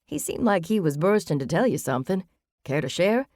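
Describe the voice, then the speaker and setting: A woman's voice: fairly low pitch, sing-song, brisk, a little mellow, no echo, clean studio sound, pitched above the performer's own voice. A woman doing a hammy showman of a man reading aloud. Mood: amused. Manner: theatrical, relishing attention.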